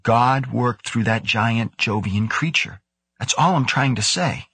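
A man voicing a quiet, earnest young male scientist, sincere and soft-spoken. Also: medium pitch, unhurried, husky, no echo, pitched above the performer's own voice.

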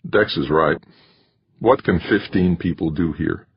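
A man voicing a stubborn, strained male expedition chief in an audiobook, speaking tensely with a raspy voice. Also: a little slow, no room sound, dull audio, heavily acted. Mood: despairing. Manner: tense, pleading, low-key. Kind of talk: audiobook character voice.

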